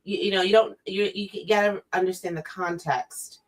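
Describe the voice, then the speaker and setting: A woman's voice: medium pitch, steady tone, normal speed. A woman co-hosting a casual podcast chat, arguing her points, asking questions and laughing along. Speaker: podcast co-host.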